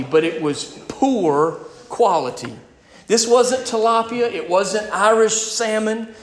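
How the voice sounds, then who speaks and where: High-voiced preacher in an echoey hall. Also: male voice, slow pace, a little hiss or hum. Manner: emphatic, rising and falling in volume, speaks directly to the congregation. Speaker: pastor. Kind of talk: sermon.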